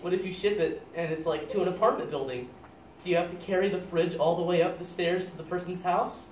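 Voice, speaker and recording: A young man improvising an absurd story out loud, deadpan and halting, often cracking up at his own lines. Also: high voice. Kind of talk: rambling improvised comic story. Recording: echoey room, distant mic, loud noise.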